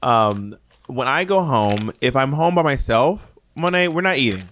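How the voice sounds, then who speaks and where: A man from Atlanta co-hosting a podcast, telling teasing, animated stories in casual chat. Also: mid-range voice, normal speed, a little hiss or hum. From Atlanta, USA. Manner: animated, teasing storyteller with playful mock quotes. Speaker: podcast co-host.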